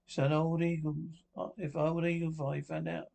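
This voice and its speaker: Man, fairly high voice, 1930s radio acting, theatrical, exclaiming. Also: flat delivery, normal speed, gravelly, dark tone.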